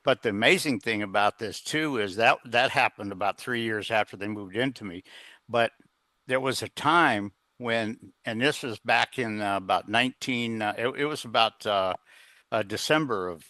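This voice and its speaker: Brief: middle-aged male coach on a podcast, lowish voice with a sharp, forceful edge, earnest and meandering, lots of "uh" and "you know". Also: normal speed, no room sound. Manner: rambling, with many fillers and restarts; earnest, plain-spoken. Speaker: guest, executive coach. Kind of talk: conversational storytelling in an interview.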